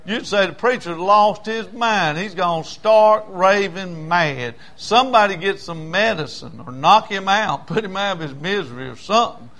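A man preaching a sermon in a dramatic, folksy way, swinging between loud outbursts and low murmurs. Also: moderate pace, few pauses. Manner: folksy, with many fillers and restarts.

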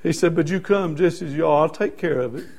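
A middle-aged man preaches his own testimony in a folksy, storytelling way. His voice sits high for a man, and he swings from hushed, quiet passages up to loud, shouted bursts. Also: brisk. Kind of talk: sermon testimony.

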